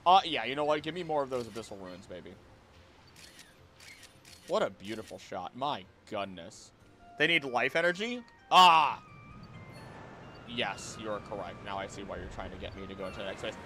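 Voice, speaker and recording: A man's voice: fairly low pitch, expressive, moderate pace, pauses often, sharp tone, soft background music. A young man streaming a game live, chatting playfully with his viewers and the creatures on screen. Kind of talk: live gameplay commentary.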